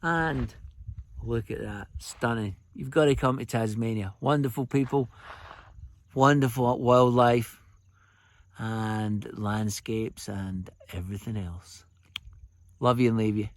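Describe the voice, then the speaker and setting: A man's voice: mid-range voice, takes it slowly, pauses often, dry recording. A Scottish man from Scotland, probably in his fifties, telling jokey, rambling anecdotes outdoors by a remote road in a casual vlog. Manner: chatty, jokey, rambling storyteller. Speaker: fly-tying vlogger.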